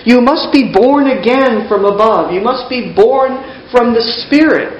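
A woman's voice: fairly high pitch, unhurried, roomy sound, dull audio, lightly acted. A woman preacher voicing an exasperated Jesus who pleads with the crowd in a raised, insistent voice.

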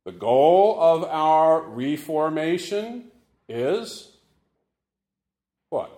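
A man preaching a Sunday sermon as the church's pastor, measured and deliberate with touches of dry humor. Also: a little high, very animated, dark tone, roomy sound.

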